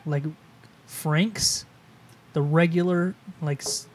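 A man's voice: fairly high pitch, steady tone, slow. A man co-hosting a podcast, telling stories in casual chat, swearing freely. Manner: profane, storytelling, does silly put-on voices. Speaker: podcast co-host.

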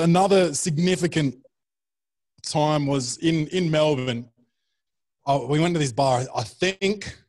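A man's voice: medium pitch, darkish tone. A young man, a comedian guest, telling rambling anecdotes and swearing freely in casual chat.

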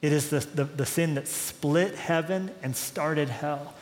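A pastor gives a sermon in a loose, conversational way, speaking a little slowly in a fairly high voice that lifts when he acts out dialogue. Each phrase trails off in long reverb, as though he's standing in a large hall.

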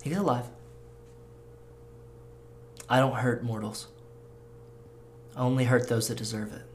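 A man voicing a cold, masked male kidnapper who talks quietly and levelly with menace. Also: mid-range voice, steady tone, a little slow, a little hiss or hum, natural voice. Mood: calm threat.

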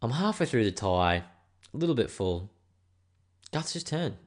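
A man's voice: medium pitch, big pitch swings, unhurried. A man with an Australian accent telling a rambling, profane, self-mocking story in a casual monologue.

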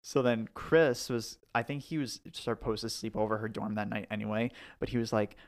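A young man and podcast co-host telling animated stories, full of "like", into a podcast microphone. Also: lowish voice, moderate pace. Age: young adult. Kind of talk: casual storytelling.

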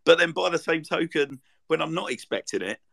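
A man's voice: a little high, expressive, fairly quick, vocal fry, fairly bright tone. A man co-hosting a casual football podcast, rambling through stories with plenty of ums and restarts. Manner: rambling, full of fillers and restarts. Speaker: podcast co-host. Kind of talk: casual chat.

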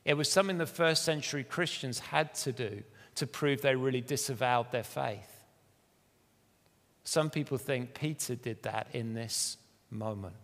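A man's voice: mid-range voice, measured pace, a bit bright, big-room sound. A man preaching a sermon, telling the story in an earnest, conversational way with self-deprecating asides.

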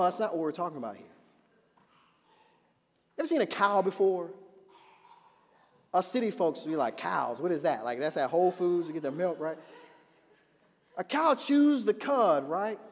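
A man preaching a sermon as pastor, animated and building to emphatic repeated refrains. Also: sits high. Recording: long reverb of a hall.

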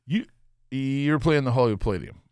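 A man's voice: mid-range voice, animated, brisk, darkish tone, smooth, no echo, clean studio sound, pitched above the performer's own voice, natural voice. A man voicing an incredulous, swearing middle-aged rock musician in a raised voice. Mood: disbelieving. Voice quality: profane, disbelieving.

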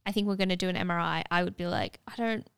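A young woman telling a story in casual chat, animated and full of fillers, acting out what others said. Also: on the low side, racing, vocal fry, smooth, no echo, studio quality. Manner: animated, many filler "like"s, acts out dialogue.

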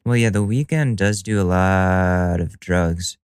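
A man's voice: deep voice, takes it slowly, darkish tone, smooth, dry recording. A man hosting a solo podcast in a casual monologue. He is profane and sardonic and laughs at his own jokes. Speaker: podcast host.

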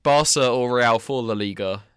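A man's voice: medium pitch, normal speed, clean tone, no echo, studio quality. A man hosting a casual podcast chat, teasing his co-host and steering the talk with questions.

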